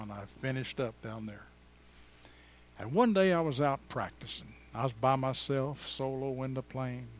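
A man, preaching a sermon in a church and telling personal stories in a folksy, chatty way, swinging from loud exclamations to quiet asides. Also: medium pitch. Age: 70s. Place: church before a congregation.

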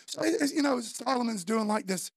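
Male pastor in his fifties, gravelly husky voice, dry close sound, casual sermon talk. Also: very high-pitched, animated, moderate pace, no room sound. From Florida, US. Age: 50s. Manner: conversational preaching, says "man" often, swings between loud and soft.

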